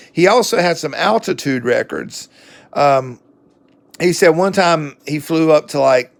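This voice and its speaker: A man with a Southern accent talks through a book review in a casual, folksy ramble, stopping for fillers and correcting himself as he goes. His voice sits a little high with a gravelly, fry-edged texture. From southern United States.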